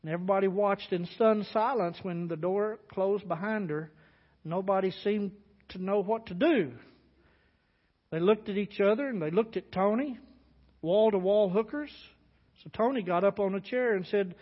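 High-voiced pastor telling a story. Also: male voice, normal speed. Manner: animated, acting out voices. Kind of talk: sermon storytelling. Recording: dull sound with long hall reverb.

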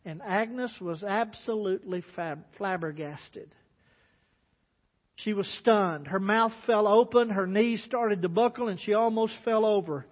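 A man preaching a sermon as a pastor, telling a story in an animated way, acting out voices. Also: high voice, unhurried. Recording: dull sound with long hall reverb.

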